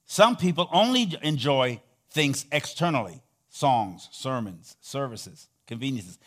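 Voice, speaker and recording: Middle-aged preacher guy, mid voice, gets loud then goes real quiet, has folks repeat after him. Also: medium pitch, big pitch swings, slow, hardly any pauses. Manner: dynamic preaching, swinging between loud emphatic peaks and soft near-whispered passages; leads call-and-response, has the audience repeat phrases. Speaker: pastor. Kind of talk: sermon.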